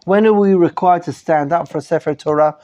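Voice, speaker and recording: A man's voice: a little high, a little fast, darkish tone, lo-fi sound. A man with a British accent teaching a live class as a rabbi, polite and orderly, laying out the lesson plan. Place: study hall.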